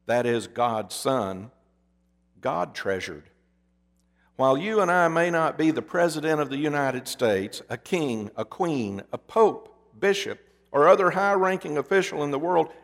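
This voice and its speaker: A man preaching a sermon as pastor, moving between loud emphasis and hushed, dramatic pauses. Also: fairly high pitch, expressive. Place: church sanctuary. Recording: long reverb of a church hall.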